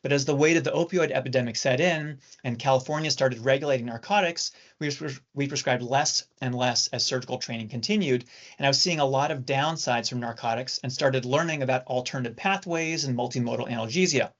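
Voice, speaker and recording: A middle-aged male surgeon giving a measured, explanatory training talk to nurses. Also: mid-range voice, a bit bright. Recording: dull lo-fi recording.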